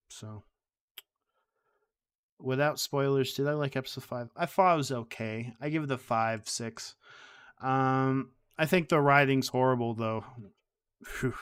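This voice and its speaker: A man riffs to his stream chat in a loose, rambling way, circling back and restarting his thoughts as he gets heated. His voice sits in an ordinary middle register. It sounds smooth and resonant. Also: mid-range voice. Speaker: streamer host. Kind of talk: casual live-stream commentary.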